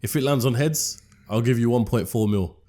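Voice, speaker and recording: Chill guy hosting a podcast, says bro a lot, normal pitch. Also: normal speed, warm tone. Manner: laid-back, slangy, calls guest "bro" and "man". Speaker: podcast host. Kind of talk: casual interview chat and sign-off.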